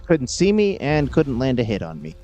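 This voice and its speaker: A man's voice: mid-range voice, normal speed, highs cut off, a little hiss or hum. A man giving casual, jokey commentary while playing a video game. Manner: jokey, animated. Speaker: gameplay host.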